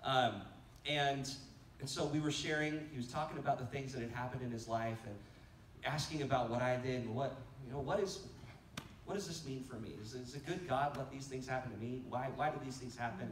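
A man preaches to a conference crowd, telling stories and jumping into animated quoted voices. He sounds set back from the mic in a roomy church hall, with faint noise underneath. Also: medium pitch, fairly quick, recorded from a distance. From United States. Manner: storytelling, animated quotes, laughing asides. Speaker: pastor. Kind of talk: conference sermon. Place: church sanctuary.

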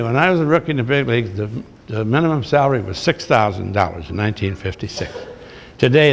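A man's voice: medium pitch, creaky, a little hiss or hum. An older man, a retired baseball manager, telling folksy, blunt stories to an audience in a large hall. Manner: folksy, blunt, salty anecdotes. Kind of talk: storytelling speech to an audience. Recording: echoey hall recording.

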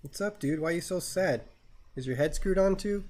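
A man's voice: high voice, moderate pace, darkish tone. A man streaming a game live, joking crudely and swearing as he plays. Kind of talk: live gameplay commentary.

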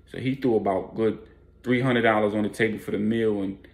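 A man's voice: on the low side, fairly even intonation, fairly quick. A man casually narrating a street story in laid-back slang with fillers.

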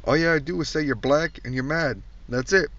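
A man's voice: fairly high pitch, fairly quick, a bit bright, dry recording. A man doing a profane comedic rant, blunt, crude and mocking. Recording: distant dull recording.

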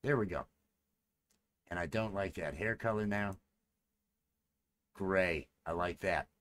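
A man with a fairly low voice talks with his viewers while he works on a live stream. He rambles and repeats phrases as he goes. A faint background hum sits under his voice. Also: takes it slowly, a bit bright. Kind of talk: casual live-stream chat.

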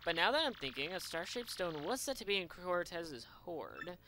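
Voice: mid-range voice, big pitch swings, normal speed, bright, forceful tone, a little hiss or hum. A gamer voicing a vain, dramatic rich merchant man in a put-on Spanish accent, reading game dialogue in a pompous, theatrical manner.

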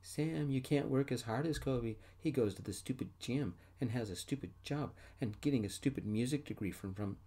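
A man softly voicing a resentful, slurring drunk male bandmate in an audio story. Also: deep voice, normal speed. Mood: bitter. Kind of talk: soft-spoken ASMR storytelling.

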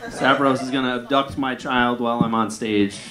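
A man's voice: mid-range voice, steady tone, moderate pace. A man taking the stage as a stand-up comedian and opening with crude banter into a stage microphone. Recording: loud crowd and noisy live venue.

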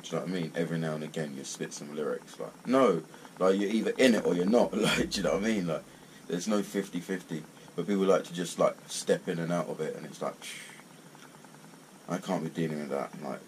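A man rants bluntly straight to camera, swearing freely. His voice sits extremely low. A faint hiss runs underneath. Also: low-quality recording. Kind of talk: casual rant to camera.

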